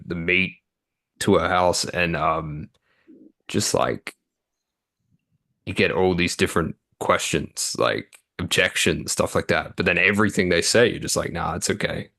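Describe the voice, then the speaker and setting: A young man speaks in a low register with a bright, forceful edge. He explains dating advice casually, full of "like" and "you know.". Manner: relaxed, filler-heavy explaining. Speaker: dating coach. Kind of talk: casual interview talk.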